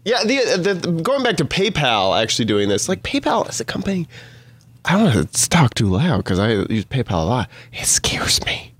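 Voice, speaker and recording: A man's voice: on the high side, huge pitch swings, moderate pace, breathy edge, no room sound. A man in casual podcast chat who asks wondering questions and often trails off to restart. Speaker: podcast panelist.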